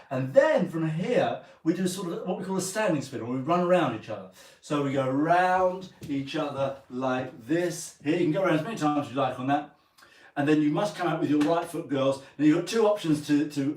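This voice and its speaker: Recorded from a distance in a roomy space, an English man with a slightly high voice teaches a dance class over a livestream. He talks with his viewers while counting out and singing the steps.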